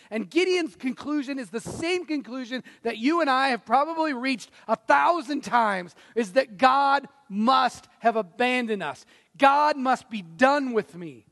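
A man preaching a sermon as pastor, dramatic, swinging from loud to hushed. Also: very high voice, expressive, a little slow, vocal fry. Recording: reverberant hall.

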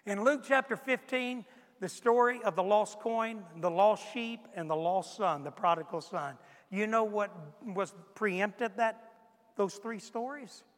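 High-voiced preacher in a reverberant church. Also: male voice, unhurried, fairly bright tone. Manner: emphatic preaching, rhetorical questions, repetition. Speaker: pastor. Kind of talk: sermon. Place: church sanctuary. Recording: long reverb of a large hall.

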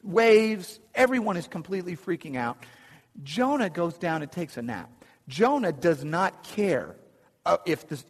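Slightly high-voiced male preacher, casual sermon delivery with chuckles and restarts, long hall reverb. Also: breathy edge. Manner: conversational, chuckling asides, frequent restarts. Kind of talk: sermon with slides.

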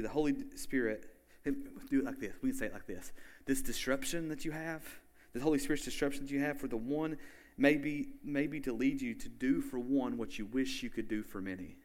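A man preaching a sermon in a casual, conversational way, often saying "like" and checking in with his listeners. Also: medium pitch. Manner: casual and chatty, with frequent "like" and questions to the listeners.

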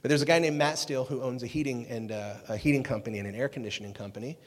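A man preaching to a youth group, energetic and jokey, chatting with the crowd. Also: medium pitch, rapid-fire. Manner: energetic, jokey, talks with the audience. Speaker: youth pastor. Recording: long reverb of a hall.

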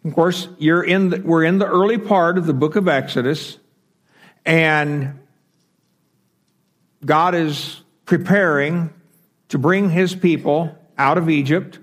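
A man's voice: on the high side, fairly even intonation, takes it slowly, long pauses. A man teaching a Bible class, explaining step by step with fillers and self-corrections.

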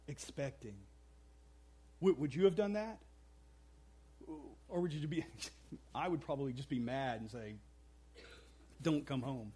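A man's voice: on the high side, warm tone, husky. A man preaching a sermon, telling a story with playful asides and acting out the characters' voices. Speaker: pastor.

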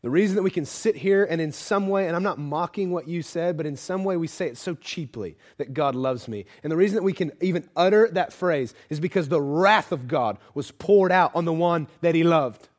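His voice sits on the high side as he preaches briskly with few pauses, addressing a congregation. He alternates soft, intimate moments with loud, emphatic ones and regularly asks the audience rhetorical questions.

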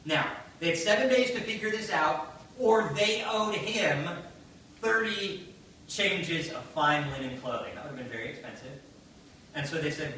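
A man's voice: sits high, measured pace, a little hiss or hum. Man preaching in a very echoey hall. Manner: animated, conversational, acts out quotes. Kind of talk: sermon storytelling. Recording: very echoey, distant mic, faint ambience.

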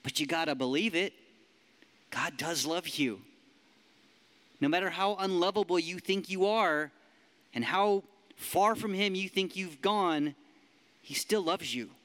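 A man preaching a sermon as pastor, lively and emphatic, leading the room in declarations. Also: high voice, a little slow, long pauses. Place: church hall. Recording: long hall reverb.

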